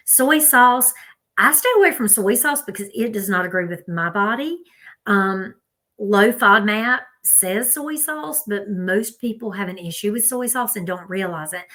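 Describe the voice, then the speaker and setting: A woman's voice: mid-range voice, fairly bright tone. A woman with a Southern US accent, talking casually and directly to her viewers as she runs through food advice. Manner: chatty, direct, talks to viewers as "y'all". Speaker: health vlogger.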